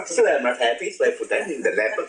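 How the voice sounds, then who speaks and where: A man gives a loose, joking spiritual talk, asking his listeners questions. His pitch leaps and dips with animation. The old archive recording rings with room echo. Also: a bit bright. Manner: playful, laughing, asks the audience questions. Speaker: spiritual teacher. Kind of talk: informal spiritual talk to an audience.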